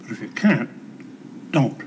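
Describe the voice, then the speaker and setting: An actor playing a folksy old grandpa. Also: male voice, measured pace, darkish tone, a little hiss or hum, close to an everyday voice. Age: older. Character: folksy old grandfather giving plain advice. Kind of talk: 1970s TV soap acting.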